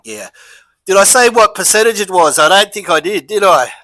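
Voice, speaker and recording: A man's voice: sits high, expressive, moderate pace, sharp tone, no echo, rough recording. An Australian man casually reviewing a beer and rambling through a story, chatty and easygoing.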